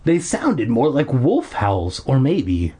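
A calm, thoughtful father from a storybook, as a man voices him, speaking softly and carefully. The voice is husky. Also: medium pitch, exaggerated voice. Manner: soft, measured.

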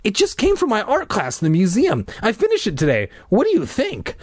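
A man voicing a brisk, insistent middle-aged mother who is full of energy. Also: sits high, wildly swooping pitch, darkish tone, dry recording, clean studio sound, voice pushed up, full character voice. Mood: eager. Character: energetic, pushy middle-aged mother, fast-talking artist.

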